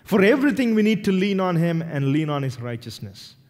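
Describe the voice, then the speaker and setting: Pastor preaching, high voice. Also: male voice, a little fast. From India. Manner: animated, acts out little dialogues, self-deprecating humor. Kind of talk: sermon. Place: church sanctuary. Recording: reverberant church hall.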